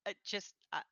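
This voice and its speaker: A woman co-hosting a casual chat, animated and quick to laugh, with sarcastic asides. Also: no room sound, highs cut off. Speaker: co-host.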